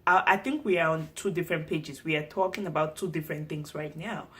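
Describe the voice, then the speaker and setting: A young woman from Cameroon with a Cameroonian accent, telling a storytime vlog in an animated, expressive way. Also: low voice, brisk. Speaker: vlogger.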